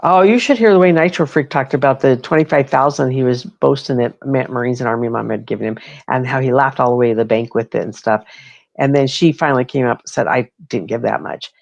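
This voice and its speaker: Woman stream host, gravelly voice, gossipy and profane, dry muffled stream audio. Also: extremely low pitch, fast talker, no room sound. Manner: gossipy, profane, animated retelling. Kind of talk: casual livestream chat.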